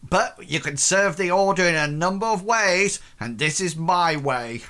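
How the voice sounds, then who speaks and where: Man doing a chatty, modest quartermaster, bright and friendly. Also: high-pitched, expressive, a little slow, voice pushed up, full character voice.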